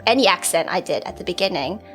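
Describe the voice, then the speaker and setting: A woman's voice: on the low side, expressive, fast talker, a bit bright, faint music behind. A woman hosting a comedic vlog, playfully putting on an amateur Essex accent. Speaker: video host.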